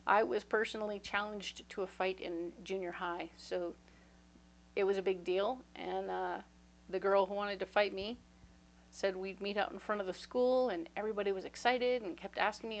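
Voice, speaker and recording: A woman gives a casual tarot reading, chatty and reassuring, checking in with listeners and telling her story with acted-out voices. Her pitch is medium, her intonation fairly even, and her pace moderate. The audio quality is poor.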